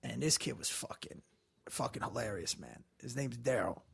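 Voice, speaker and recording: A man's voice: mid-range voice, normal speed, creaky, breathy edge. A man, a guest comedian, telling profane stories in casual chat on a studio podcast, acting out the people he quotes. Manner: animated, profane, acts out quotes loudly. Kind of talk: casual storytelling.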